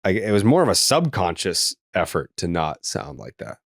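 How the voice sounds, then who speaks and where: A man's voice: sits low, very animated, moderate pace, no echo, clean studio sound. A man from the Boston area with a faint Boston accent, co-hosting a podcast and telling rambling stories with plenty of swearing and restarts. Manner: loose storytelling, swears freely, many likes and restarts. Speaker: podcast co-host. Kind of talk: casual chat.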